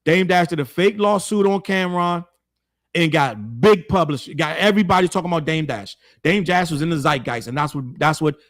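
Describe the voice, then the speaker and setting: A man's voice: a little high, a little fast. Blunt, heated man giving his hot take. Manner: blunt, heated, slangy, repeats points for emphasis. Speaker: show host. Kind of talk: opinionated commentary to camera.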